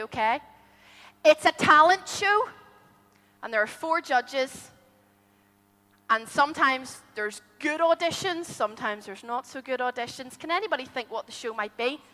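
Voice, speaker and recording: A woman telling a story to a group of children, animated and asking them questions as she goes. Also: sits high. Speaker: children's storyteller at a church holiday club. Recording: long hall reverb.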